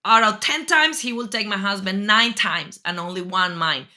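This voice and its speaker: A woman with a bright, sharp voice hosting an interview, her first language Spanish. She speaks earnestly and thinks aloud with small fillers. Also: medium pitch, normal speed. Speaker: host. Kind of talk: interview talk.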